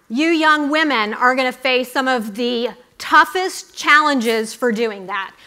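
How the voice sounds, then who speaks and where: A middle-aged woman giving a chatty, brisk speech to a student audience, full of asides. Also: high voice, bright, forceful tone. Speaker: conference speaker.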